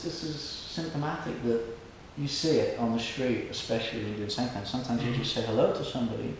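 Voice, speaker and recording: Man, lively storytelling lecture, very echoey hall, noisy background. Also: medium pitch, moderate pace. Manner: storytelling, acts out quoted people, laughs along with audience. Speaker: lecturer at a temple. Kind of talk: informal spiritual lecture with anecdotes. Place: hall with an audience.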